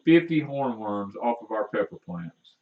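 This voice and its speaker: A man co-hosting a homestead live stream, talking in a folksy, rambling way, halting with fillers. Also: on the low side, big pitch swings, a little hiss or hum. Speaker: homestead livestream co-host. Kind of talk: casual live-stream chat. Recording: distant mic, dull muffled sound.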